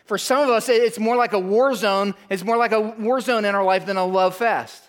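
A man preaching a sermon in a church, emphatic, drawing in the congregation with questions and pauses. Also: sits high, fairly even intonation. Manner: emphatic, calls for audience response, dramatic pauses. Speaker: pastor. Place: church sanctuary.

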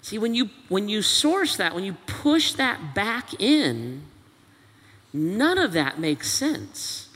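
Male pastor, sermon, high pitch, rhetorical questions stacked one after another, big church reverb. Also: big pitch swings, slow, sharp tone. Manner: presses with repeated rhetorical questions. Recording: long reverb of a large hall.

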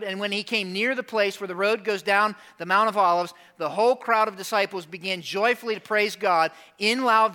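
A man preaching a sermon in a church, animated, acting out voices of the crowd and dropping to hushed, serious asides. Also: sits high. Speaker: pastor.

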